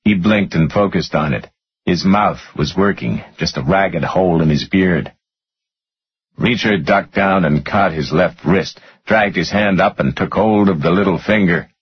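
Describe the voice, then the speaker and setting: A man narrating a thriller audiobook in a dramatic, expressive reading. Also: low voice, measured pace, slightly rough. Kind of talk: scripted narration. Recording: muffled lo-fi audio.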